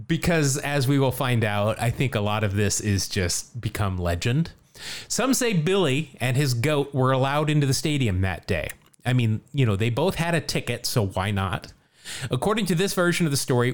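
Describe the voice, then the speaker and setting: Jokey, lively-voiced man telling a story. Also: mid-range voice. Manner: jokey, chatty, laughs often. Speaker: podcast host. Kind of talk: casual podcast storytelling.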